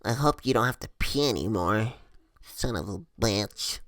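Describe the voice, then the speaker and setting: A man's voice: on the high side, lively intonation, brisk, no room sound, clean studio sound, voice pushed up, lightly acted. A man quoting an angry, drunk young woman driver in a slightly raised, indignant voice. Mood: grudging.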